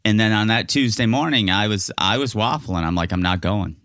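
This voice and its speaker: A man's voice: fairly low pitch, brisk, no echo, studio quality. A man, a podcast guest, telling his personal story frankly in casual conversation and acting out what people said. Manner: frank, animated storyteller who acts out quotes.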